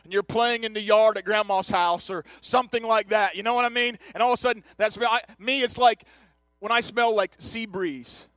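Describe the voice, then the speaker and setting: A pastor in his thirties gives a chatty, joking sermon in a church, speaking directly to the people in the pews. His voice sits high for a man, and it sounds dry and close with little room sound. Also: fairly even intonation, brisk, fairly bright tone, no room sound. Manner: joking, chatty, talks straight to the congregation. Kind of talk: conversational sermon. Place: church sanctuary.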